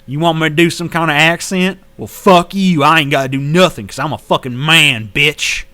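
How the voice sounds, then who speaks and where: A man putting on a loud, swaggering redneck drawl. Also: on the high side, normal speed, pitched above the performer's own voice. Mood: belligerent. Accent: put-on American Southern redneck. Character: belligerent profane redneck man.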